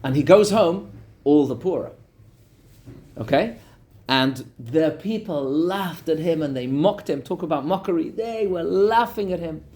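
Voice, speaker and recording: A man teaching a class as a rabbi, telling a story in an animated way and talking directly to his audience. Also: on the high side, measured pace. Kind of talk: storytelling lesson.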